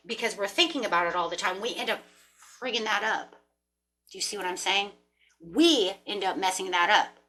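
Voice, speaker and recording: A woman doing a collective tarot reading, talking in a casual, rambling way and breaking into animated asides. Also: mid-range voice. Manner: rambling, animated, talks to herself with laughs and mock voices. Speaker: tarot reader. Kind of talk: casual spiritual talk to camera.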